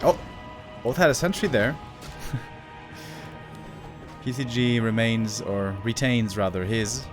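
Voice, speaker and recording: A man calling an esports match live in a relaxed, chatty way. He gasps and exclaims at the big moments, then wanders off into easygoing side talk with the viewers. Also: mid-range voice, moderate pace, over music. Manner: chatty, exclaiming at plays, drifts into asides to chat. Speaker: esports caster. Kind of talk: live game commentary.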